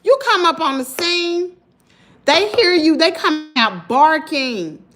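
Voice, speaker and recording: A Southern-accented woman in her thirties tells her viewers a story in a lively, emphatic way. Her voice sits high and sounds bright. She keeps turning to the audience with casual asides. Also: takes it slowly, a little hiss or hum. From Mississippi. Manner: animated, emphatic, addresses viewers as y'all. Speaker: vlogger.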